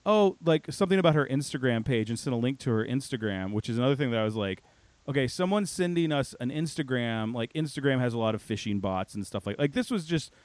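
A man co-hosting a casual chat, telling a story in an animated, filler-heavy way and quoting himself and others. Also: mid-range voice, quick pace, hardly any pauses, no room sound.

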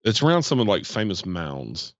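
Man, very low voice, rambling casual podcast talk, muffled dry lo-fi sound. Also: sing-song, normal speed, no echo. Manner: rambling, hesitant with fillers. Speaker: podcast host. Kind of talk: casual chat.

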